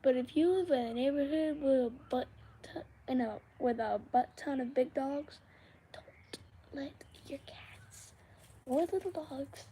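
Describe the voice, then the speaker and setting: A woman's voice: high-pitched, normal speed, mellow, slight background noise. A young woman chatting casually to viewers during a live Q&A stream. She rambles from thought to thought and sometimes drops into a whisper. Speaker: livestream host.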